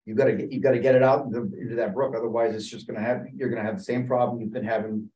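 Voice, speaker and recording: A man's voice: mid-range voice, steady tone, rapid-fire. A man on a town board at a public meeting, rambling and agreeable, restarting his sentences. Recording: dull, distant, echoey mic.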